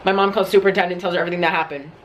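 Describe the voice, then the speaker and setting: A man's voice: high-pitched, fairly even intonation, racing, slight background noise. A young man telling a dramatic story-time vlog, cursing constantly and filling his talk with "like". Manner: profane, dramatic storyteller, heavy use of "like". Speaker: vlogger.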